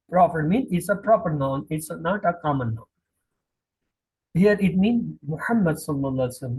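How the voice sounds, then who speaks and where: A man teaching a classroom Quran lesson, drilling each word slowly and repeating the meanings. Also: a little high, darkish tone, slightly rough, low-quality recording. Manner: slow, repetitive, drilling word by word.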